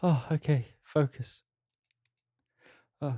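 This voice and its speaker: A man's voice: on the high side, slow pace, mellow, no echo. A young man chatting casually on a live stream, giggling and swearing as he talks to himself while he works.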